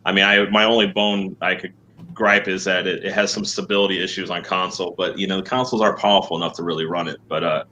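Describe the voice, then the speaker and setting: A man's voice: low-pitched, little pitch movement, fast, bright, forceful tone, a little hiss or hum, rough recording. A middle-aged man, a podcast guest, chatting casually and self-deprecatingly, with many restarts.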